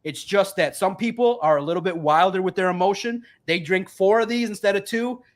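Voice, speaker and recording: A man, a regular guest on a sports talk show, arguing loudly and emphatically with mocking repetition. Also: high voice, fairly quick. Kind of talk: heated sports debate.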